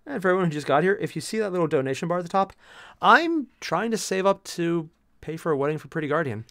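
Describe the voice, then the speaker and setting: A young man chatting with his live-stream viewers as he paints miniatures, joking freely. His voice sits a bit high and swings around a lot, and the sound is close and dry. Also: fast, no room sound. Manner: animated, jokey, chatty with viewers. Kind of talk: casual live-stream chat.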